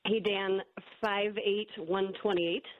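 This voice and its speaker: A woman's voice: mid-range voice, steady tone, takes it slowly. A woman calling a sports radio show from California, eager to share her idea. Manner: eager, enthusiastic fan. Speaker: caller. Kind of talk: phone-in call to sports radio. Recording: dull lo-fi phone line.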